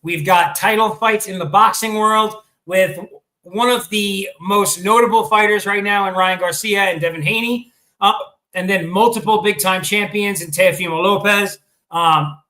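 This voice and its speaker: Bright high-voiced man with hiccups. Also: rough recording. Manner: chatty, hesitant with many ums and restarts. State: has the hiccups. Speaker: sports show host. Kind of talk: casual sports talk.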